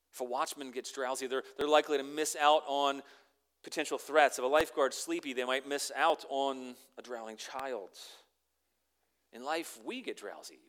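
A pastor with a mid-range voice gives a conversational sermon. He repeats words as he begins phrases and swings between loud emphasis and lines spoken almost in a whisper.

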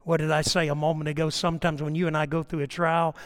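A man's voice: on the high side, level tone, quick pace. An older man preaching a sermon, telling personal stories and building to impassioned, emphatic appeals. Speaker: pastor.

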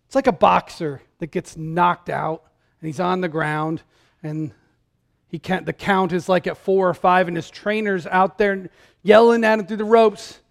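A man, a pastor, giving a sermon in a conversational style, talking straight to the congregation and swinging from loud emphatic calls to hushed, tender lines. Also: high voice, fairly even intonation, measured pace, gravelly. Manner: conversational, direct address to congregation.

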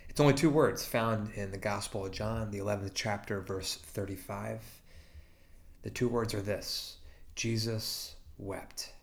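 Pastor, male, low voice; slow, tender memorial eulogy with long pauses. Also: fairly even intonation, gravelly.

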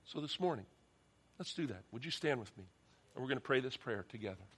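Middle-aged male pastor, earnest sermon and prayer, stumbles over openings, mid pitch, in a church. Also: expressive, fast talker, a bit bright, slightly rough. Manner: earnest, repeats words when starting a sentence. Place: church sanctuary.

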